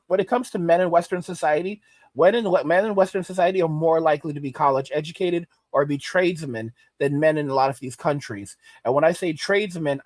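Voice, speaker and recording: A man's voice: on the high side, dry recording. A man doing reaction commentary, emphatic and repeating phrases for stress.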